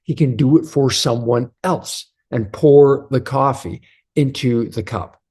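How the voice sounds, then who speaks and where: Earnest, mellow-voiced motivational man. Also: medium pitch, measured pace, breathy edge. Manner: earnest, preachy, repeats affirmations. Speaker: motivational host. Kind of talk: motivational video talk.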